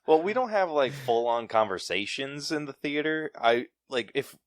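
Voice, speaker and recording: A man chatting casually on a podcast, excitable and full of "like" fillers. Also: mid-range voice, moderate pace, dry recording, studio quality.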